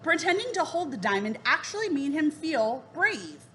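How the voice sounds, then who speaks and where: A woman reading a children's story aloud in a clear, steady way, dropping her voice for the speech tags. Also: high-pitched, normal speed, a little hiss or hum. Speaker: narrator.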